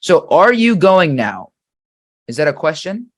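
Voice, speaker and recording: A man teaching an English grammar lesson, reading example sentences slowly and quizzing the viewer patiently. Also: a little high, big pitch swings, a bit bright.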